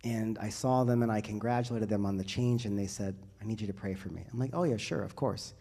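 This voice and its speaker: A man who is a priest, giving a sermon to a youth group in a church and building to loud, rising emphasis through repeated phrases. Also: on the low side, brisk, creaky.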